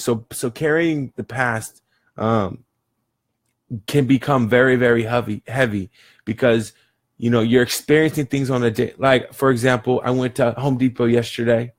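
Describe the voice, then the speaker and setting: A man with a mid-range voice chats straight to camera as a vlogger, retelling a small everyday episode. His delivery is loose and animated, full of fillers, restarts and laughter as he plays out his side of the conversation. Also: mid-range voice. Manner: animated, rambling, laughs between phrases. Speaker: vlogger telling a daily story. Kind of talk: casual storytelling to camera.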